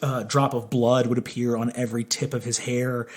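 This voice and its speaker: A man from the United States telling stories in casual chat, animated, acting out the people he quotes. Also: moderate pace. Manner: animated, acts out quotes with big pitch jumps. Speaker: storyteller in interviews. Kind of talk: casual anecdotal storytelling.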